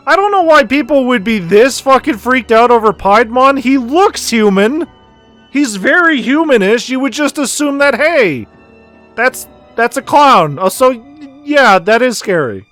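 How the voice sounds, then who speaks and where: A man's voice: extremely high pitch, expressive, normal speed, fairly bright tone. Man game streamer, offhand jokey commentary, casual swearing, faint music underneath.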